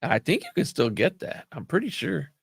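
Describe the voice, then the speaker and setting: A man with a heavily gravelly, fry-laden voice tells a loose, rambling story in casual chat. He swears freely and gets animated. The sound is dry and close, with no room around it. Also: a little high, normal speed, no echo.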